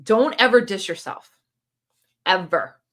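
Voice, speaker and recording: A woman's voice: mid-range voice, unhurried. A woman hosting a casual live stream, reading viewer comments aloud and answering them in an encouraging, coaching tone, recorded on a phone camera. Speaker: booktube channel host.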